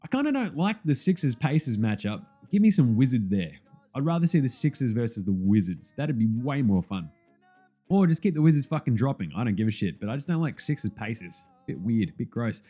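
With soft music in the background, a medium-pitched man hosts a casual basketball podcast recap, talking fairly quickly as he reels off scores. He's animated and sweary, keeping the banter jokey.

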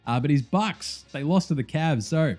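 A man hosting a casual sports podcast, rambling fast and swearing freely. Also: on the high side, faint music behind. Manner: animated, profane, fast rambling. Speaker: podcast host.

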